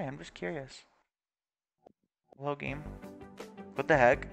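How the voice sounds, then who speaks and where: A man's voice: medium pitch, a little slow, gravelly, long pauses, faint music behind. Chatty, swearing man playing a game. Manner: chatty, swears freely, reads game text aloud. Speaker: gameplay video host. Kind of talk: casual gameplay commentary.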